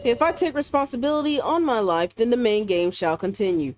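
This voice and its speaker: A woman reading the lines of a calm, formal male game official in a visual novel game. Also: a little high, a little fast, soft background music, lightly acted. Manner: formal, matter-of-fact.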